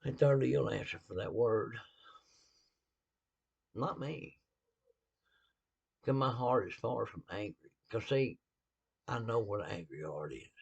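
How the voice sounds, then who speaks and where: A man's voice: on the low side, measured pace, creaky, pauses often, darkish tone, breathy edge, dull audio. A man with a Southern US accent giving a casual sermon-style talk, folksy and blunt, with laughing asides. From American South.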